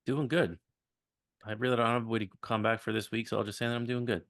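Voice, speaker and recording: A man's voice: medium pitch, steady tone, fast talker, a bit bright, no room sound, studio quality. A man co-hosting a casual movie podcast in a laid-back, joking way. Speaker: podcast co-host.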